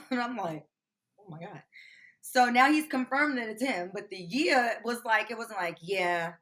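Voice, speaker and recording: A woman's voice: on the high side, moderate pace. A woman guest in an interview, animatedly retelling a tense phone call in casual, profane talk. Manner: animated storyteller, swears freely.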